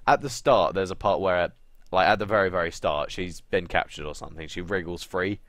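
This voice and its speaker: A young man with a very low voice chats casually as a podcast co-host. He is sarcastic and swears freely, acting out little quotes as he goes. The recording is close and dry, with no room sound. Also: brisk, fairly bright tone, dry recording. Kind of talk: casual chat.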